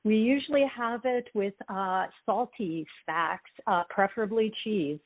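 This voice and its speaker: A woman author with a French Canadian accent, a native French speaker from Ottawa, speaking in a relaxed, measured way as a radio guest. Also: medium pitch. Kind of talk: casual radio interview. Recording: tinny phone-line sound.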